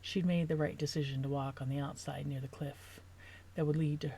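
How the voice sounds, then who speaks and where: A woman's voice: sits low, steady tone, mellow, a little hiss or hum. Woman reading her own novel aloud. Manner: pauses to rework sentences while reading. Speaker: author.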